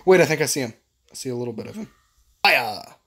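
A man hosting a gaming video, commentating with excitable, exclamatory energy. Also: medium pitch, racing, slightly rough. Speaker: gaming channel host.

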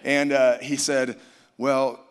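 A man's voice: lowish voice, a little fast, fairly bright tone. A man telling a personal testimony at a conference, storytelling and quoting others. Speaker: worship musician. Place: large conference hall. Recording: reverberant hall.

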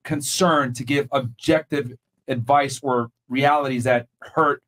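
A man hosting a podcast panel, measured and explanatory as he polls guests on a studio mic. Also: mid-range voice, fairly even intonation, fairly bright tone, slight background noise. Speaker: podcast host.

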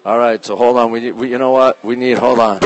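A man hosting a casual live stream from a phone as he walks through an art museum, reading out artwork titles slowly and greeting viewers by name, sometimes dropping his voice low. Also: fairly even intonation, background noise. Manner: talks low at times to keep quiet. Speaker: livestream host touring a museum. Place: indoor art museum gallery.

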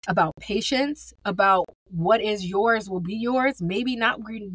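A woman's voice: medium pitch, a little slow, fairly bright tone, breathy edge, no room sound, rough recording. A woman of forty hosting a solo podcast, talking in a candid, upbeat and conversational way straight to her listeners. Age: 40s. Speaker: podcast host.

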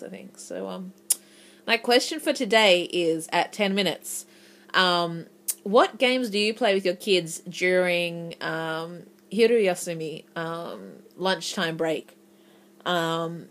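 A woman's voice: on the low side, a little hiss or hum. A young woman with an Australian accent in her twenties, chatting casually in a rambling vlog with lots of ums and a stuffy, runny nose. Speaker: English teacher vlogger.

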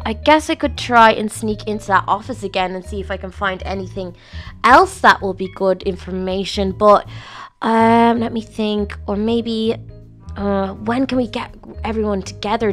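A woman's voice: a little high, a bit bright. A young woman doing a solo game role-play as a lonely old lady in a nursing home, talking wistfully and sighing as she chats to her pet. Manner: wistful, talks to her pet, sighs often. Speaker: Minecraft role-play player. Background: faint background music.

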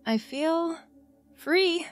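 A woman voicing a shy, hushed young man. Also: very high voice, animated, drawn-out words, faint music behind, voice pushed up, heavily acted. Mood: awed. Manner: hushed, breathy, hesitant. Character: shy, nervous young man, grateful boyfriend.

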